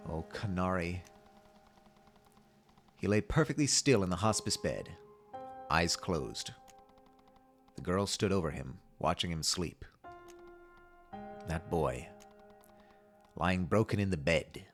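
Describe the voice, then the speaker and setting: A man streaming, reading a game's story aloud with measured, wry asides. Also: low voice, lively intonation, soft background music. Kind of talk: reading a game aloud with commentary.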